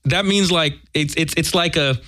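A man's voice: on the high side, normal speed, no echo. A man co-hosting a casual radio talk show, joking and making fun of himself as he chats with his partner. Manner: animated, jokey, self-deprecating. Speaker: co-host.

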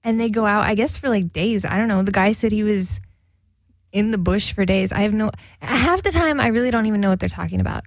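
A woman hosting a radio show, chatting casually on air in quick, giggly bursts from a studio. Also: medium pitch, vocal fry, dry recording. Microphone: studio mic.

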